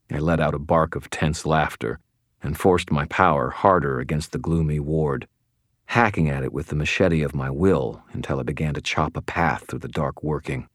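A man reads a first-person story in a steady, measured way. His voice is extremely low and deep. The recording is dry and close, with no room around it. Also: dry recording. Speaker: audiobook narrator. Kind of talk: first-person audiobook narration.

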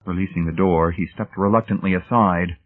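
A man reading a novel aloud as audiobook narrator, in steady, measured scripted narration. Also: low-pitched. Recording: tinny phone-like band.

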